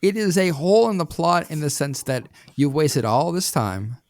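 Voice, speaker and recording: A man's voice: a little high, very animated, moderate pace, dry recording. A man co-hosting a film review podcast, talking casually, blunt and opinionated. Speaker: podcast co-host.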